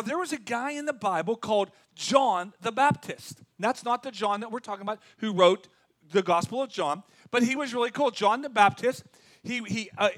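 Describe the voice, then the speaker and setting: A man preaching a sermon as pastor, talking in a lively, conversational way and acting out quotes. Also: sits high, no room sound.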